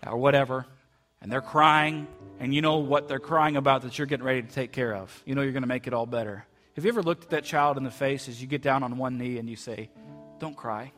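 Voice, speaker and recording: Male pastor mid-sermon in a church, heartfelt and halting, middle pitch, light music bed. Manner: heartfelt, repeats words, soft quotes. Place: church sanctuary.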